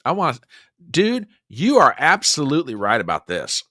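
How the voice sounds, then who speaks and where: A man's voice: medium pitch, huge pitch swings, moderate pace, sharp tone, no room sound, clean studio sound. A man hosting a political commentary livestream, reacting to clips and talking to viewers in an exasperated way. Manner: exasperated, talks back to clips and chat. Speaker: host of a political commentary show.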